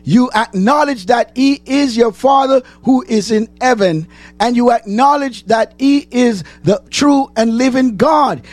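Here a very high-pitched man preaches, asking his congregation questions and then answering them, repeating phrases as he climbs to shouts. There's no room sound at all.

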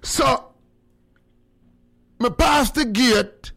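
A man with a Jamaican accent, co-hosting a casual couple's chat and telling stories with lively asides to the listeners. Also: extremely high pitch, very slow, husky. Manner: animated storyteller, addresses listeners as ladies and gentlemen. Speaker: podcast co-host.

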